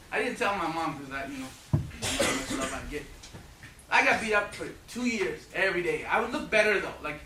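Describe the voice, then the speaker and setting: A man with an Irish accent, giving an energetic, joking story talk in a university lecture hall. He is recorded from a distance in an echoey, noisy hall. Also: on the high side. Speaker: guest speaker.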